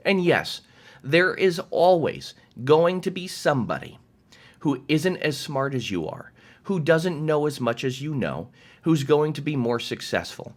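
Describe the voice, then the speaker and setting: A man's voice: a little high, sing-song, measured pace. A man giving a direct-to-camera motivational talk as a coach, emphatic and passionate, swearing freely.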